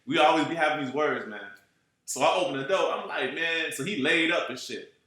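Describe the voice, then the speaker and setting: A man from Chicago tells a rambling road-trip story in a relaxed, animated street style, dropping curses and slang and checking in with his listener again and again. His voice sits a touch above the usual for a man. The recording is drenched in the echo of a bare, reflective room. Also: on the high side, fairly quick. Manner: animated, profane, streetwise slang, keeps asking "you know what I'm saying". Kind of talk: casual storytelling. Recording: very echoey room.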